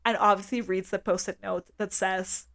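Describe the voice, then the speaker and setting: A woman's voice: medium pitch, normal speed, vocal fry. A woman co-hosting a podcast, telling a story in casual chat, full of fillers and acted-out quotes. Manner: animated storyteller, many fillers, acts out quotes. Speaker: podcast co-host.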